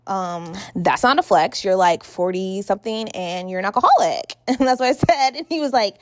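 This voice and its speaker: A young woman telling a chatty storytime to her viewers while she gets ready, switching into quoted lines as she goes. Her voice sits at a middling pitch. The sound is close and dry, with no room around it. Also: lively intonation, normal speed, no room sound. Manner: chatty, addresses viewers as y'all, acts out quotes. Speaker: vlogger.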